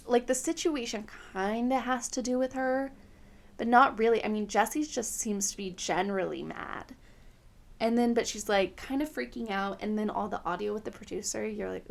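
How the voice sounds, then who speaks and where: Gravelly chatty woman podcast host. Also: on the high side, moderate pace. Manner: chatty, filler-heavy, opinionated. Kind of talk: casual TV recap chat.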